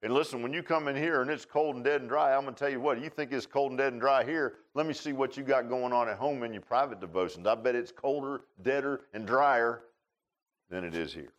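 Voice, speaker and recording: A pastor with a medium-pitched voice speaks a little fast, preaching a folksy, animated sermon in a church sanctuary. He laughs, jokes with his congregation and calls on people by name, and the audio sounds lo-fi.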